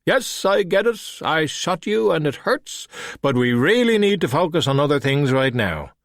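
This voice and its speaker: A man's voice: a little high, sing-song, moderate pace, a bit bright, no room sound, voice pushed up. A man voicing a sarcastic, impatient young woman in an audiobook, talking in a snappy, sarcastic way. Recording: dry close audiobook recording.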